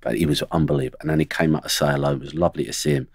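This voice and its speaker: With an extremely low, steady, slightly rough voice, a middle-aged former footballer races through blunt studio-podcast tales about his teammates, mimicking them along the way. The recording is dry.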